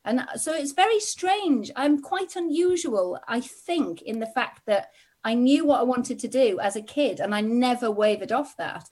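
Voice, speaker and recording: A woman in her forties from Middlesbrough, telling stories as a podcast guest in lively casual chat. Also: a little high, unhurried. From England (Middlesbrough). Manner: lively storyteller, laughs often. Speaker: guest, TV presenter.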